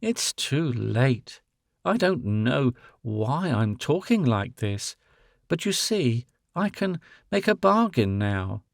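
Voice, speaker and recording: A man voicing a grown woman who is tender, sorrowful and resolute, speaking with soft pleading. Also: mid-range voice, big pitch swings, takes it slowly, gravelly, dry recording, clean studio sound, full character voice.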